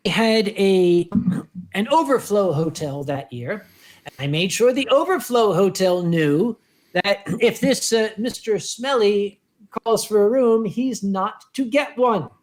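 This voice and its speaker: A man, a convention organizer, telling an anecdote on a panel and acting out the quotes with lively voices. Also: high voice, unhurried. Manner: lively storyteller who acts out the quotes.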